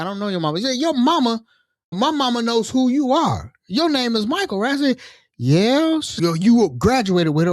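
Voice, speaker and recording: A man hosting a podcast, telling a work story in a casual, animated way and acting out the other people in it. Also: high voice, no echo. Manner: animated, acts out quoted voices. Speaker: podcast host.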